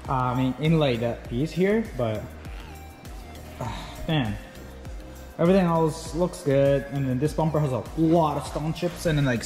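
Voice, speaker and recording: A man's voice: mid-range voice, a little mellow, poor audio. A man who wraps cars, narrating his shop work casually with many fillers and restarts. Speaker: vinyl wrap installer. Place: workshop.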